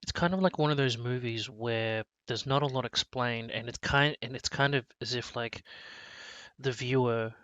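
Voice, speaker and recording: A man's voice: medium pitch, moderate pace, a bit bright, lo-fi sound. A man co-hosting a casual movie review chat, rambling with many restarts and fillers. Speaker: podcast co-host.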